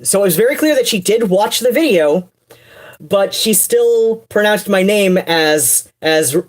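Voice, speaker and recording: A woman's voice: medium pitch, animated, unhurried. A woman streamer chatting casually on a livestream, rambling with many fillers, restarts and wry asides.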